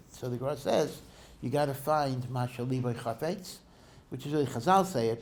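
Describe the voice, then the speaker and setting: Give me a male rabbi lecturing and telling a story, relaxed and warm, talking casually in a digressive way. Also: mid-range voice, slight background noise. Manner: conversational, digressive, with frequent restarts and Hebrew and Yiddish learning terms. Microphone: podcast recording of a lecture.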